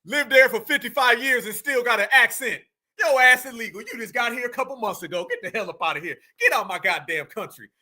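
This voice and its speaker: High, bright-voiced mocking man host. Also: lively intonation, a little fast. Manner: mocking, emphatic, laughs at clips. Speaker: livestream host. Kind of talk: reaction commentary livestream.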